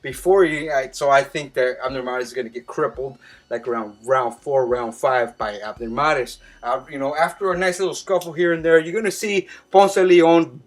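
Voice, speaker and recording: A man's voice: mid-range voice, fairly even intonation, moderate pace. A young man giving casual boxing predictions, rambling and swearing a lot, his voice jumping up when he gets worked up. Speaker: boxing commentator making fight predictions. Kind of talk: casual profane monologue.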